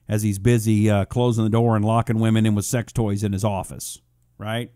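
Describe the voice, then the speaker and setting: A man's voice: little pitch movement, a little fast, warm tone, clean tone, no echo, studio quality. A man hosting a political talk radio show, reading listener messages and answering critics with sarcasm. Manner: combative, sarcastic, mocks critics in high put-on voices.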